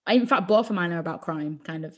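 Woman co-host, low-ish register, loose chatty storyteller with a sweary streak. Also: fast. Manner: rambling, swears freely, lots of "like". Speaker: podcast co-host. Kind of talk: casual storytelling chat.

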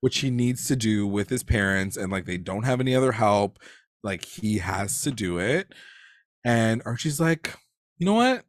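A man's voice: on the low side, normal speed, dry recording, studio quality. A man co-hosting a casual TV recap podcast, acting out characters' lines with laughter. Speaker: podcast co-host.

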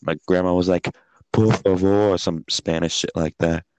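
A man's voice: low-pitched, completely flat delivery, moderate pace, dry recording. A young man in casual chat, laid-back and slangy.

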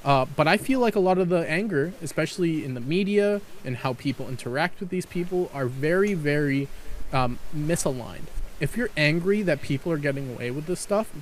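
Brief: male podcast host, slightly higher voice, rambling opinionated rants, casual swearing. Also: lively intonation, brisk.

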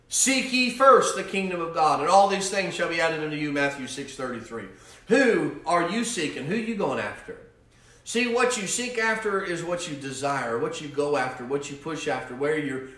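Man preaching, bright ringing voice, kinda far from the mic, roomy echo, repeats lines over and over. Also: a little high. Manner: repetitive preaching cadence, rising to fervor then softening into prayer. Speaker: pastor. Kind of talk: sermon.

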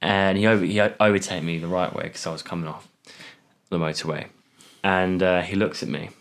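Young male podcast co-host, lowish voice, casual, acts out other people in stories. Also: a little fast. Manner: animated storytelling, acts out other voices, laughs often. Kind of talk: casual chat.

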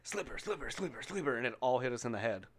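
A man's voice: medium pitch, fast talker. A man chatting casually on a podcast, telling stories with lots of swearing and laughter. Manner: profane, animated storytelling with bursts of laughter.

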